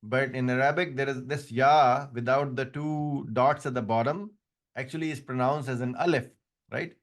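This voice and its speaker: A man's voice: medium pitch, steady tone, normal speed. A man who speaks English as a second language, teaching an Arabic grammar class and explaining patiently with frequent restarts. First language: not English; another language first. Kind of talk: online class lecture.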